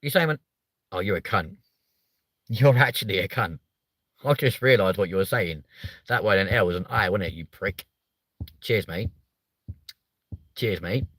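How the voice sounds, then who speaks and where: Young man, livestream host, low voice, bright tone, sweary rambling chat, dry close mic. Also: dry recording. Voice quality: sweary, rambling, quick to rise in pitch when riled.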